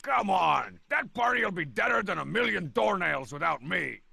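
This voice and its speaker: Gravelly, super bright cartoon bully, smug and scheming, big swoops up and down. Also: male voice, high-pitched, sing-song, moderate pace, no room sound, full character voice. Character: boastful scheming cartoon tough guy. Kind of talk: video game voice acting.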